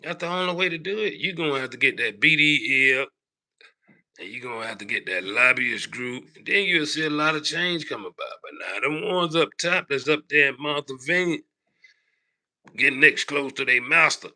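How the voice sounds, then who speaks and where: A man's voice: fairly high pitch, moderate pace, bright, forceful tone. A man hosting a livestream, ranting in a loose, mocking way and tagging his lines with "man" and "boy". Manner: mocking, repetitive, slangy, keeps saying "man" and "boy". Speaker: livestream host. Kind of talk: casual ranting monologue.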